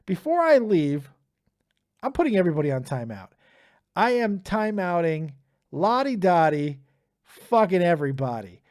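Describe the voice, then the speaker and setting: A young male streamer with a fairly high voice rants at his chat between callers, tired and swearing freely. He sounds worn out, snapping and sarcastic as he talks. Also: darkish tone. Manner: tired, profane, ranting. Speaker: streamer host taking live callers. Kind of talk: profane live-stream rant.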